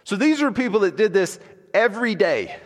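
A man's voice: high voice, big pitch swings, moderate pace. A male pastor preaching an expository sermon in a conversational, storytelling way with acted asides, recorded in a church sanctuary. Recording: long reverb in a large hall.

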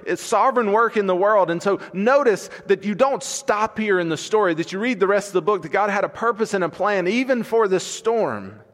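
High-voiced preacher in a reverberant hall. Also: male voice, a bit bright. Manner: conversational storytelling with acted asides. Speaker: pastor. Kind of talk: expository sermon. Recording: long reverb in a large hall.

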